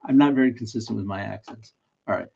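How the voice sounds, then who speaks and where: Gravelly, chatty live-stream host guy. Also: lowish voice, quick pace, mellow. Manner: chatty, self-mocking, laughs often mid-sentence. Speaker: live stream host running a daily trivia guess. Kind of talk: casual live-stream chat. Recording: dull lo-fi stream audio.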